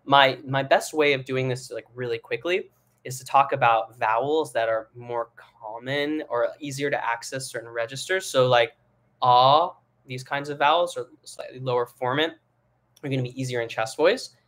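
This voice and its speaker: Young male singing coach, mid pitch, relaxed rambling delivery with fillers. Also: normal speed. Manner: relaxed, rambling explanations with many fillers, breaks into sung and head-voice demos. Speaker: singing teacher. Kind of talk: live online singing lesson.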